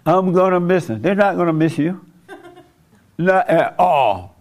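A man's voice: sits high, animated, slow, long pauses. A man preaching an informal sermon to a small group, conversational, asking rhetorical questions and chuckling at his own points.

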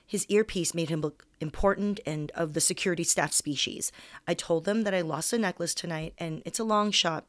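Young woman comedian, lowish voice, dry close sound; reads her own story candidly, unedited, in one take. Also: dry recording. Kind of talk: reading a personal story aloud.

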